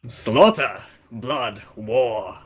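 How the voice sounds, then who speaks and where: A man's voice: medium pitch, animated, very slow, a crowd in the background. A man voicing a savage, proud male Draken hunter warrior with a Russian accent, boastful and menacing, over voice chat. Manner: boastful, menacing, growled threats. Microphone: voice chat headset.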